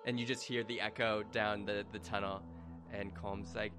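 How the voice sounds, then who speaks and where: Faint music plays behind a man acting as game master in a tabletop game, narrating in a dramatic, playful way. His voice is fairly low and a bit bright, with little pitch movement and a moderate pace.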